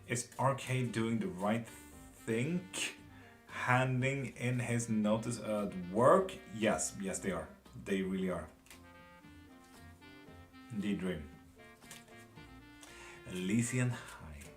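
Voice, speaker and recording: A man with a lowish voice runs a live tarot reading stream. His talk is loose and chatty, peppered with curses and quick laughs. Faint music sits behind him. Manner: casual, swearing, laughs often. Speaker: tarot reader.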